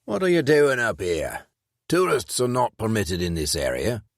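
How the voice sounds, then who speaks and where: A man's voice: lowish voice, wildly swooping pitch, moderate pace, creaky, no echo, clean studio sound, voice pushed up, full character voice. A man voicing a stern older Welsh policeman. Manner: ordering, clipped. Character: older male police guard, stern and wary.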